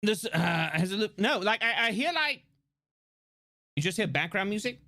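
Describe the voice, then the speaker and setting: A man streaming live, chatting excitably, swearing and rambling with restarts into a desk microphone. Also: sits high, moderate pace. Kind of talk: casual live-stream chat.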